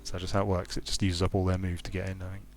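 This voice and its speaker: A man's voice: low voice, completely flat delivery, very fast, faint music behind. A man giving casual commentary while playing a strategy game, thinking aloud with frequent restarts and repeated words. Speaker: streamer and game designer.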